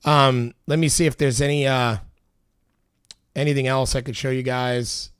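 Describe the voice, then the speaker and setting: A man's voice: medium pitch, little pitch movement, moderate pace, clean tone, dry recording, clean studio sound. A man giving casual, heated political commentary as he reacts to video clips, swearing and arguing with his viewers. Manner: exasperated, heated, swears often. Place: Los Angeles.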